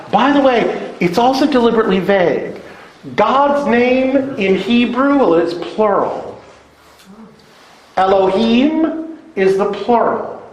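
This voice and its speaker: Lively, slow-spoken man teaching scripture. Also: high voice. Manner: animated, dramatizes the text, laughs often. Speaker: Bible teacher. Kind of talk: scripture lesson lecture. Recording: echoey room, faint background noise.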